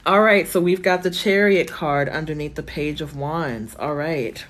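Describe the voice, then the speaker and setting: A woman giving a live-stream tarot reading from her phone, chatty and reassuring, thinking aloud with lots of fillers, her voice going hoarse. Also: sits low, expressive, a little slow. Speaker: tarot reader.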